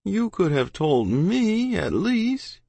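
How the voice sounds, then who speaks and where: A man's voice: a little high, big pitch swings, normal speed, no echo, voice pushed up. A man doing a lanky country boy. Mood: gloomy. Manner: folksy rural dialect, plainspoken. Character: lanky, friendly country boy, easily hurt.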